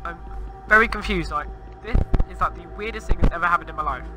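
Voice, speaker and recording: A man's voice: on the high side, fast talker, music in the background, rough recording. A man commenting on Minecraft gameplay in a flustered, exclaiming and rambling way. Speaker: gamer.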